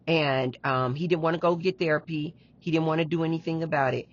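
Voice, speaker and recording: A woman's voice: sits low, fairly even intonation, fairly quick, hardly any pauses, highs cut off. A woman vlogger telling a personal story in casual, emphatic speech, repeating herself and addressing her viewers directly. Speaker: relationship advice vlogger.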